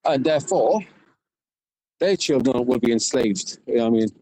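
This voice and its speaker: A rambling Welsh man vlogging as he walks around his town, laughing often and tagging his sentences with "you know what I mean". His voice sits at a middling pitch and is recorded dry and close, with no room sound. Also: expressive, moderate pace, warm tone, dry recording, poor audio. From South Wales. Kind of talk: rambling walk-and-talk vlog. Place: outdoors, walking around town.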